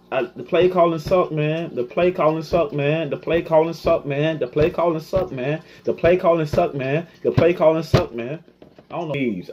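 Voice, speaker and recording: A man's voice: fairly high pitch, husky, dull audio. A young man in a fan reaction video, ranting in frustration and repeating himself. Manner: frustrated, repetitive, animated. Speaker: sports fan vlogger.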